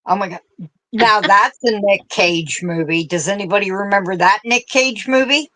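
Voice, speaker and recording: A woman's voice: mid-range voice, moderate pace, fairly bright tone. A woman with a central Pennsylvania accent, chatting casually on a craft livestream, laughing often and reading out viewer comments. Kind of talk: casual chat while crocheting.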